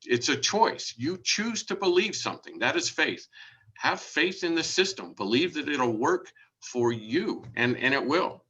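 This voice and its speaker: A man's voice: on the high side, sing-song, a little slow, bright, forceful tone, breathy edge, highs cut off. A man, a real estate agent, sharing his approach in an earnest conversational way, often restarting as he builds a point.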